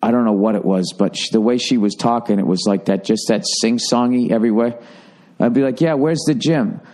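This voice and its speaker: A man's voice: on the low side, steady tone, fairly quick, a little mellow. Profane rambling comedian, man. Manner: profane, blunt, wandering asides. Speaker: comedian podcast host. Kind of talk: casual rambling monologue.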